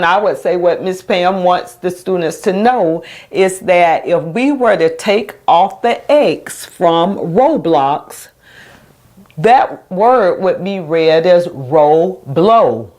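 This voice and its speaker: A woman special education teacher explaining a reading lesson in a patient, steady way, stretching out example words. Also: on the low side.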